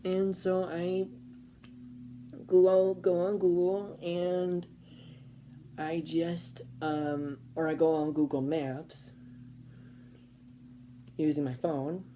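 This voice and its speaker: A woman's voice: deep voice, flat delivery, slow, pauses often, dark tone, slight background noise. A woman vlogger telling a casual storytime, rambling with fillers and restarts.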